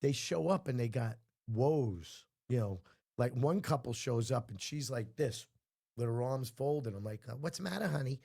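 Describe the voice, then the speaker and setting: A man, a guest comedian and puppeteer, in casual storytelling chat. He is animated and acts out the people in his stories. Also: mid-range voice, measured pace.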